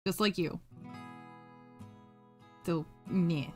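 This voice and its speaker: A woman's voice: fairly low pitch, extremely slow. Chatty woman streamer with faint guitar behind. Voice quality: animated, laughs often, swears casually. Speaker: craft streamer reading chat. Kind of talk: casual live-stream chat. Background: faint guitar music.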